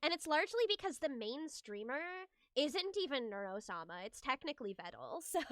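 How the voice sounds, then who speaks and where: A woman's voice: high-pitched, very animated, normal speed, bright, forceful tone, dry recording, clean studio sound. A young woman streaming a game, chatting casually with her viewers and giggling often as she gushes her thanks.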